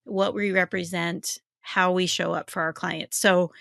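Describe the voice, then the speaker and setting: A woman co-hosting a casual business webinar, telling animated stories and acting out quotes in a higher voice. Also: a little slow, vocal fry, dry recording, clean studio sound. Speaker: webinar co-host, business coach and podcaster.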